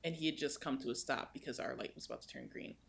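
A young woman co-hosting a podcast, telling a story in casual chat with animated swings in pitch. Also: fast talker, creaky. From United States. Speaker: podcast co-host.

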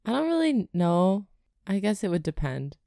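A woman's voice: medium pitch, very animated, moderate pace, vocal fry, warm tone, dry recording, clean studio sound. A woman co-hosting a podcast in casual chat, reacting to the story with gasps and giggles. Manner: reacts with gasps and giggles, drawls when musing. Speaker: podcast co-host.

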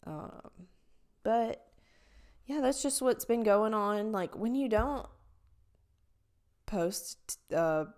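A young woman with a raspy, nasal voice and a Southern country accent hosts a solo podcast. She rambles casually, leaning on "like" all the time. She speaks slowly, and her voice has a gravelly fry to it. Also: medium pitch, a little mellow. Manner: rambling, filler-heavy with frequent "like". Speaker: podcast host.

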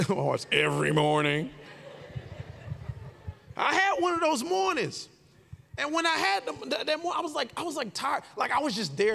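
Animated, gravelly man preaching in a hall. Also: on the high side. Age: 40s. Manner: animated storyteller, shouts and squeals for his own quoted voice. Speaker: pastor. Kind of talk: sermon with personal storytelling.

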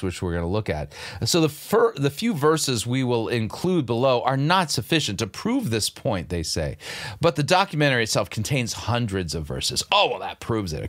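A man's voice: medium pitch, a bit bright. Sardonic older man hosting commentary. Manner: sardonic, incredulous critique. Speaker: show host. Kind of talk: commentary on video clips.

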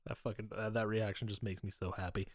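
A man's voice: on the low side, fast. A man co-hosting a casual movie podcast, recapping scenes with a lot of swearing and laughter. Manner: animated, profane, laughing recaps. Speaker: podcast co-host. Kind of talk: casual chat.

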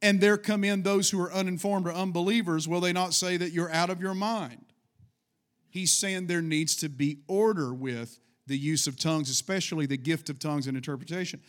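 A man's voice: high-pitched, fairly even intonation, moderate pace. A middle-aged man preaching a fervent sermon to his congregation and calling for responses. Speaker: pastor.

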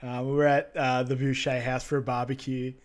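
A man co-hosting a casual film recap podcast, retelling the scenes in a relaxed way with fillers and laughs. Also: mid-range voice, a little fast. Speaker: podcast co-host.

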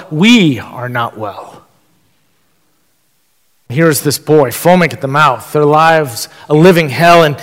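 A middle-aged man preaching a sermon as pastor, earnest and conversational, asking questions of the congregation. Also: fairly high pitch. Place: church sanctuary. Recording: long church reverb.

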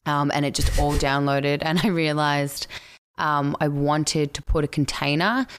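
A woman's voice: low voice, a little slow, clean tone. A woman in her thirties with an Australian accent, talking candidly as a podcast guest in casual chat. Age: 30s. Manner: candid, animated storyteller.

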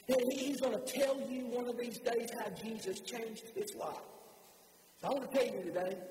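A man preaching a sermon, swinging from impassioned shouts to soft, hushed emphasis. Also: very high-pitched, background noise. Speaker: pastor. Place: church sanctuary. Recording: roomy church hall reverb.

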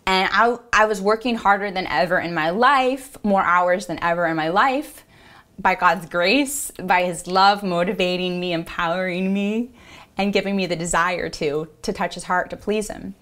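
A woman's voice: fairly low pitch, moderate pace, fairly bright tone. A woman apostle giving a devotional podcast teaching. She is earnest and encouraging, repeats affirmations and talks conversationally with many fillers.

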